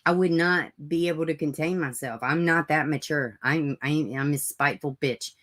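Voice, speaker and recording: A woman's voice: deep voice, normal speed, fairly bright tone. A woman hosting a true crime livestream, ranting bluntly and profanely and mocking people in sarcastic put-on voices. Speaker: true crime channel host. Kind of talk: livestream commentary.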